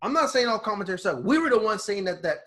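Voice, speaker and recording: A man co-hosting a casual chat podcast, slangy and animated, acting out quotes with big jumps in his voice. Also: high-pitched, fast talker. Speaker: podcast co-host.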